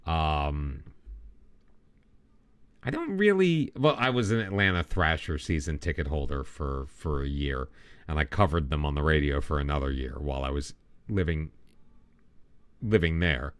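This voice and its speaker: A man's voice: very deep voice, expressive, unhurried, pauses often, smooth, no room sound. A middle-aged man chatting casually on a live game stream, rambling and self-deprecating, with many restarts. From United States.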